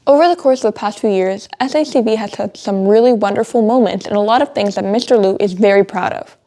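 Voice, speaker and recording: Speaking quickly in a mellow, mid-range voice, this teenage girl hosts a school show put on by students. The outtakes catch her stumbling over lines, giggly and flustered by every slip.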